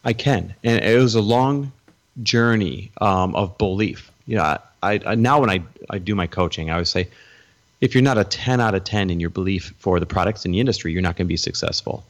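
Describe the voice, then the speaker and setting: A man's voice: deep voice, fairly quick. A middle-aged man telling his story as a guest in an interview, acting out the voices of the people he quotes.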